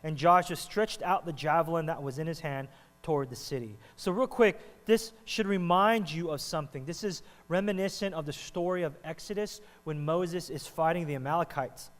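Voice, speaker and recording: A male pastor preaching in a lively, conversational way, checking in with the congregation again and again. His voice sits a little high for a man. The sound carries a long hall reverb with a faint mains hum underneath. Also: normal speed. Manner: animated, talks to the congregation with frequent "right?". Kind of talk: sermon. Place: church hall.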